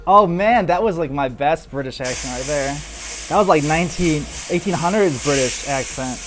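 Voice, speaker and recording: A man giving casual how-to commentary while he airbrushes, relaxed and loose, saying "like" and "man" a lot. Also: on the high side, moderate pace, slight background noise. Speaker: airbrush artist.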